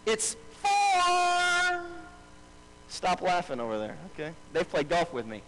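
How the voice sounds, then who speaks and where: A man's voice: a little high, expressive, brisk, soft background music, low-quality recording. A male pastor preaching a live sermon to a congregation, repeating key phrases for emphasis and calling on the crowd to answer back. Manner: calls out to the congregation and asks for responses. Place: church service before a congregation.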